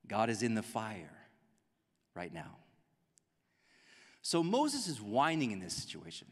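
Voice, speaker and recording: Animated pastor preaching in a reverberant church. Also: male voice, on the high side. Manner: animated, conversational, acts out quotes. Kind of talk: sermon. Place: church sanctuary.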